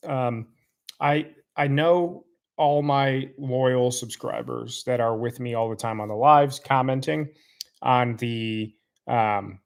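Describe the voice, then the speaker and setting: A man hosting a live stream, greeting chat viewers and then angrily calling out a commenter in a rambling, repetitive way. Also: mid-range voice. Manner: rambling, heated call-out with repeated insults. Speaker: host reading live chat.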